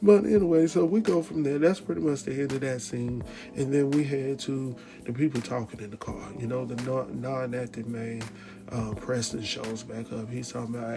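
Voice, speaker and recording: A man hosting a casual TV episode recap, talking in an animated, slangy way. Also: medium pitch, moderate pace, vocal fry. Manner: animated, slangy, laughs often, jumps into quoted voices. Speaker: recap host. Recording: music bed behind voice.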